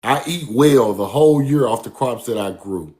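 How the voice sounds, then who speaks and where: A man's voice: medium pitch, expressive, normal speed, warm tone. A man giving a casual, emphatic street-style lecture, repeating his points and calling the listener bro. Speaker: speaker giving a talk.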